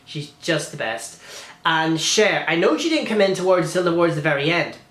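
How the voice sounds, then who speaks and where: Man in a film review vlog: gushing, rambling, a bit high-pitched, roomy echoey recording. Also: big pitch swings, normal speed, fairly bright tone. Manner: gushing, rambling with many restarts and fillers.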